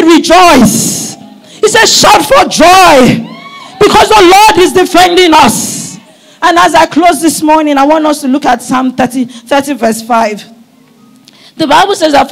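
A middle-aged woman pastor preaching a sermon at a church service, fervent and often breaking into shouts. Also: high-pitched, gravelly.

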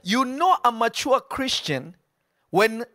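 A man preaching on a podcast, animated and emphatic, asking questions and answering them himself. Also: very high voice, takes it slowly, dry recording, studio quality.

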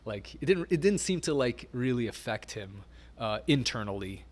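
A man's voice: mid-range voice, animated, moderate pace. Rambling, laughing male interview guest. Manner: rambling, filler-heavy, laughs often. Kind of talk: casual storytelling interview.

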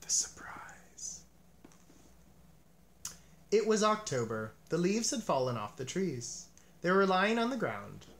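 A man reading a children's storybook aloud as narrator, with a gentle, expressive manner. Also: sits high, moderate pace, a little hiss or hum. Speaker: storybook reader.

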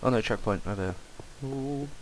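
Young guy rambling over gameplay, swears a lot, middle pitch, some faint background noise. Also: moderate pace, rough recording. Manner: rambling, distracted, swears and exclaims at the game. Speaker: Let's Play commentator. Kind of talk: casual gameplay commentary.

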